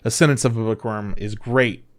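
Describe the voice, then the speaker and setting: A man's voice: on the low side, fairly even intonation, normal speed. A man co-hosting a podcast, casually retelling anime plots with lots of swearing and filler words. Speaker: podcast co-host. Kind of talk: casual chat about anime.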